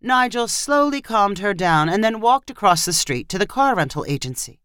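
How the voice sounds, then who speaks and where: Expressive woman narrating a short story. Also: lowish voice, normal speed, no echo, studio quality. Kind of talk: audio fiction narration.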